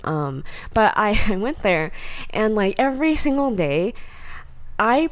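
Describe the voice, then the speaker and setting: Animated young woman telling a story. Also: medium pitch, measured pace. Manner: animated storyteller, acts out voices, laughs often. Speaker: podcast co-host. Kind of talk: casual chat.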